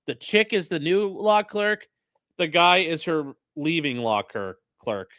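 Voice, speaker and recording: A man's voice: on the high side, measured pace, fairly bright tone, dry recording, studio quality. A man hosting a casual, profane commentary on a hearing, mocking the lawyers and mimicking them. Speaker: host commenting on a livestreamed hearing.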